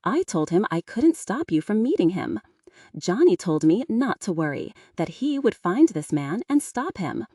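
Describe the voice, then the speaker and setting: A woman voicing a stern, wealthy middle-aged father in a scripted audiobook reading, in a lowered, firm voice. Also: very animated, normal speed, mellow, no room sound, clean studio sound, far from the mic.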